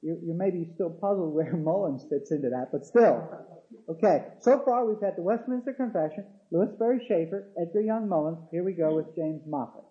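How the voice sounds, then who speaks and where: A man's voice: fairly high pitch, normal speed. A man teaching a theology class, hesitating with fillers and restarts, then reading quoted passages aloud with emphasis. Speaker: theology lecturer. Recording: dull lo-fi classroom recording.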